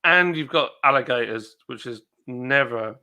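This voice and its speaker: A man's voice: mid-range voice, unhurried, sharp tone. A man hosting a casual livestream, chatting and reading viewers' comments aloud in a rambling way. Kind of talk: casual chat.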